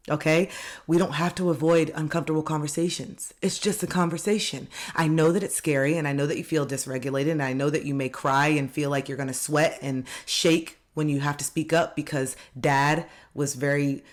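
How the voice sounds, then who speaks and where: A life coach giving a self-help video talk, earnest and reassuring, repeating gentle affirmations and speaking straight to viewers. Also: medium pitch. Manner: speaks directly to viewers, coaxing them to open up.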